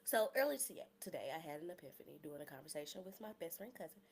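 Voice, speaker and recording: A woman's voice: low-pitched, very animated, rapid-fire, slight background noise. A woman in her thirties hosting a personal podcast, talking candidly and emotionally, close to tears at times, with casual slangy humor. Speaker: podcast host.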